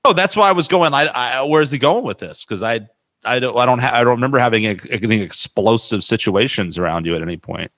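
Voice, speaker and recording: Bright, rambling man in dry sound. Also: mid-range voice, animated, fast, dry recording. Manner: rambling, laughing, lots of "like". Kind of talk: casual podcast chat.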